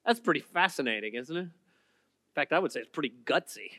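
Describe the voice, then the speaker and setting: A man preaching a sermon as pastor, emphatic, swinging between loud repeated lines and quiet asides. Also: mid-range voice, animated, a little fast, no echo, clean studio sound, in a large hall. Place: church auditorium.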